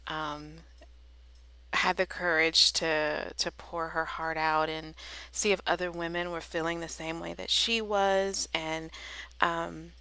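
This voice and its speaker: A woman's voice: sits low, flat delivery, takes it slowly, sharp tone, smooth, no echo, poor audio. A woman vlogging about Bible journaling, talking in an earnest, encouraging, faith-filled way. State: tearful. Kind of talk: heartfelt casual vlog talk.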